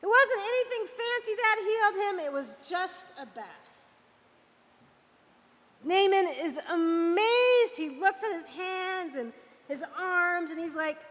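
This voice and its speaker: A woman preaching a lively, conversational storytelling sermon. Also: very high voice, takes it slowly, big-room sound.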